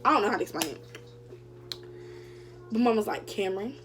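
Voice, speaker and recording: A woman's voice: mid-range voice, lively intonation, fairly quick, a bit bright, husky, faint music behind. A young woman vlogger casually telling a story to her viewers, chatty and full of fillers. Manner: chatty, addresses viewers directly, many fillers.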